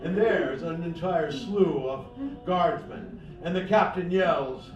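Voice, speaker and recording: A man telling a second-person fantasy story at a cafe open mic. He talks slowly and dramatically, swinging between hushed and loud. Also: a little high. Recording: echoey room, far mic, dull, music behind.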